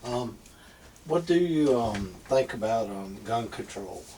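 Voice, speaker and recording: A man hosting a show, asking interview questions in a halting way with many ums. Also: fairly low pitch, expressive, mellow, far from the mic, slight background noise, rough recording. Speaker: show host.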